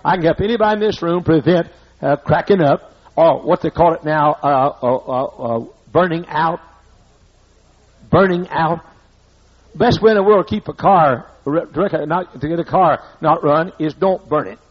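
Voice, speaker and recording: A man's voice: a little high, normal speed, husky. An older man with a Southern accent preaching a sermon as pastor, folksy and repetitive, hammering his points home. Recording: muffled lo-fi sermon recording.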